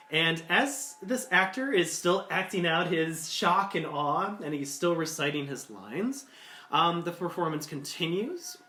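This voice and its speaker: A man's voice: on the high side, sharp tone. A man narrating as game master of a tabletop game, rambling with many fillers. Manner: rambling, full of likes and ums. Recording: echoey room.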